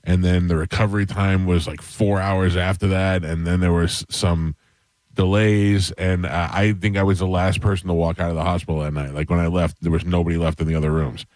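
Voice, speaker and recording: A radio host telling a long, self-mocking story in a casual, rambling way, with restarts, into a close studio mic. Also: male voice, low-pitched, flat delivery, brisk, darkish tone, dry recording.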